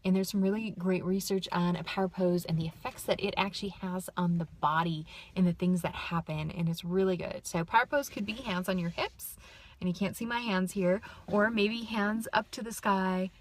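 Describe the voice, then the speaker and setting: A middle-aged woman talks straight to camera with easy, upbeat advice. Her voice sits at an ordinary middle pitch, and she keeps it conversational, with frequent asides and little check-in questions to the viewer. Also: moderate pace. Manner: upbeat, chatty, with frequent asides and "right?" tags. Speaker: vlogger giving life tips. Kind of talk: casual direct-to-camera advice.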